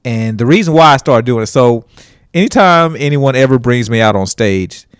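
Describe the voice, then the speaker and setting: A man with a Southern Alabama accent spins animated stage stories on a casual podcast, laughing along as he goes. His mid-range voice sits dry and close to the mic. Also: mid-range voice, normal speed, clean tone, dry recording. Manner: animated storyteller, chuckling often. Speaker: guest stand-up comedian.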